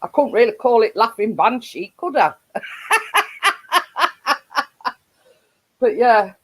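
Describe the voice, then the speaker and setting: A woman's voice: on the high side, expressive, moderate pace, darkish tone, breathy edge, poor audio. A woman with a Yorkshire accent hosting a casual live stream, rambling with frequent laughs and restarts.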